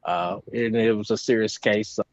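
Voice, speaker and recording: A man's voice: fairly low pitch, steady tone, moderate pace, dry recording. A man hosting a podcast over a video call, chatting casually with hesitant fillers and steering the talk with questions. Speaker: podcast host. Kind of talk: casual chat. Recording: muffled video call audio.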